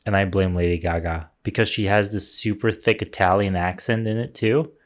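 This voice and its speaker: A man's voice: deep voice, steady tone, moderate pace. A man co-hosting a casual movie podcast, ranting with strong opinions. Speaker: podcast co-host. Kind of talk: casual chat.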